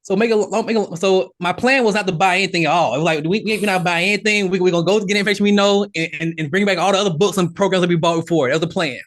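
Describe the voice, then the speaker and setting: A man guesting on a podcast, telling his story in a casual, animated way with frequent restarts. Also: sits high, racing, few pauses. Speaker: podcast guest, real estate investor.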